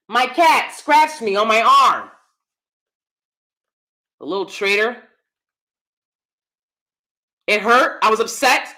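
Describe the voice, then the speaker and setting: A woman who hosts a commentary vlog and also acts in theater speaks emphatically, frequently putting questions straight to her viewers. Her voice sits high and has a sharp tone.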